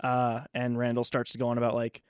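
A man's voice: medium pitch, monotone, brisk, clear, resonant tone, no room sound, studio quality. A man co-hosting a casual podcast, retelling film scenes and acting out the characters' lines. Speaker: podcast co-host. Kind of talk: casual movie discussion.

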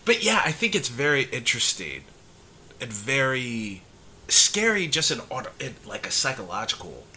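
A young man co-hosting a casual podcast, with a very bright voice and a lively, swooping pitch. He is chatty, laughs often and lets sentences trail off. Faint background hiss sits under the voice. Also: moderate pace. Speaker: podcast co-host. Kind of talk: casual chat.

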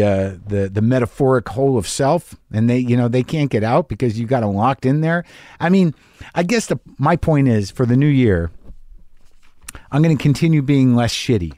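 A man's voice: mid-range voice, darkish tone, dry recording, clean studio sound. A man in his fifties hosting a podcast, talking through a candid, rambling, self-deprecating solo monologue with a lot of swearing. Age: 50s. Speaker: podcast host.

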